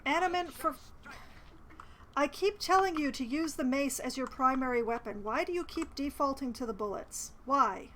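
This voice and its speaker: A chatty woman talking through her game from her apartment late at night, her voice sitting a touch high. She muses to herself and reads the on-screen dialogue aloud, with a faint hiss behind her. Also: normal speed, fairly bright tone, rough recording. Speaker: game streamer. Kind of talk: casual let's-play commentary. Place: apartment at home.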